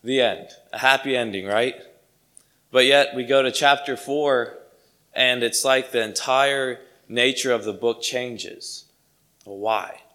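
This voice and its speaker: A man's voice: medium pitch, slow, sharp tone. A man preaching a sermon to his congregation, earnest and emphatic, repeating key phrases for weight.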